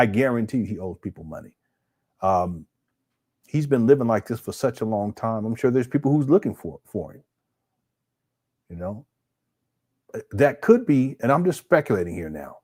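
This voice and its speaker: A man hosts a casual live stream, talking at an average pitch in a loose, off-the-cuff way. He stammers, repeats words and restarts sentences. He reads viewer comments out and riffs on them. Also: a little mellow. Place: home setup.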